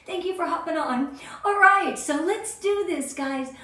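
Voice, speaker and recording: A woman's voice: very high-pitched, a little slow, fairly bright tone. A woman from Southern California leading a live-stream sales training, bubbly and emotional, greeting viewers by name. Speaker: sales team director. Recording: very echoey room.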